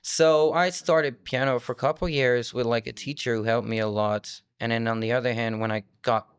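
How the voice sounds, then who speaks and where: A man's voice: medium pitch, fairly even intonation, moderate pace, clean tone, no echo, clean studio sound. A young man in his twenties, a musician from France whose first language is French, telling stories in a loose, rambling interview chat full of fillers. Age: 20s. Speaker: musician guest.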